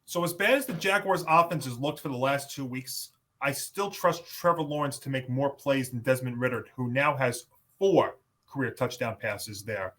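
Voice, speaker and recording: A man's voice: mid-range voice, moderate pace, fairly bright tone. A man hosting a sports podcast, moderating picks in a broadcaster-like manner. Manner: announcer-like, hands off between panelists. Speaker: podcast host.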